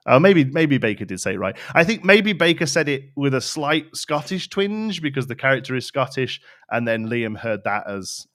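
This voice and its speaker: A man with a Midlands English accent talks in a loose, rambling way, circling back with fillers and restarts as he explains. His voice sits at an ordinary middle pitch. The recording is close and dry, with no room sound. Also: very animated, normal speed, few pauses, fairly bright tone, no echo. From England. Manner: chatty, explains at length with many restarts and fillers. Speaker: podcast co-host. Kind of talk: casual chat.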